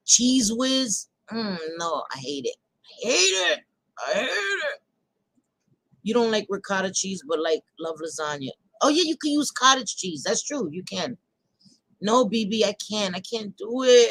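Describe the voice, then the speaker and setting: A woman's voice: mid-range voice, dry recording, rough recording. Blunt, chatty woman on a live chat. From New York. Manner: chatty, blunt, laughs often, swears casually. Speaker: livestream host chatting with viewers. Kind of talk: casual live chat reading comments.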